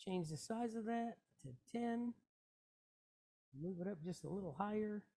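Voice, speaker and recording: A Hebrew teacher with a mellow, medium-pitched voice leads a reading class at a very slow, unhurried pace. She patiently sounds out each letter and vowel, repeating every syllable before blending them into a word.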